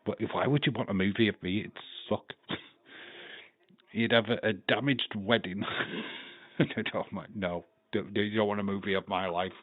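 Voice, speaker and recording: A man with a Yorkshire accent hosts a live watch-along stream in a loose, chatty way, laughing often and swearing freely. His voice sits on the low side. The sound is tinny and phone-like, with a dry, close feel. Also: steady tone, moderate pace, no room sound. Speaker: livestream host.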